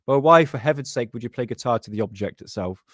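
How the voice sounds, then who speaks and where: A man's voice: mid-range voice, lively intonation, fast talker, no room sound, clean studio sound. A man hosting a live stream from his desk, casually chatting, joking, rambling and laughing often.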